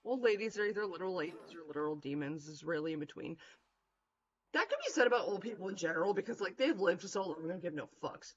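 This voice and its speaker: A woman streaming a game, reacting with blunt, profane and animated commentary. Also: lowish voice, fast, slightly rough, lo-fi sound. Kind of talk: let's play commentary.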